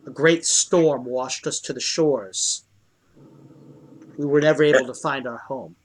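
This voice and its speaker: A man's voice: medium pitch, a little slow, natural voice. A man voicing an ancient, ghostly male guardian who is the last of his lost tribe, in a tabletop role-play game. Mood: solemn.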